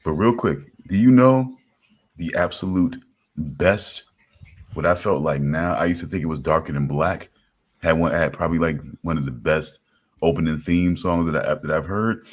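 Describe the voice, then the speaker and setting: A man with a very low voice talks loosely in a casual podcast chat. He rambles, restarts often and leans on "you know what I'm saying". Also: normal speed. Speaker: podcast host.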